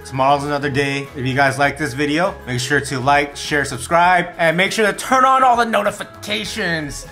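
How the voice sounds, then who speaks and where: A man's voice: on the high side, normal speed, few pauses, bright, forceful tone, faint music behind. A young man casually vlogging as a father, talking in a playful, teasing way. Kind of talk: casual family vlog.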